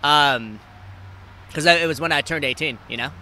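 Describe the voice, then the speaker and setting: A young man hosting a casual outdoor podcast, his voice very bright and a little high for a man. He tells stories with lively energy, swears freely, and jumps up in pitch when he acts out other people. Faint traffic hum sits behind him. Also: normal speed. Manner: animated, acts out quoted people with big jumps in pitch and loudness. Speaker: podcast host. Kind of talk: casual storytelling chat.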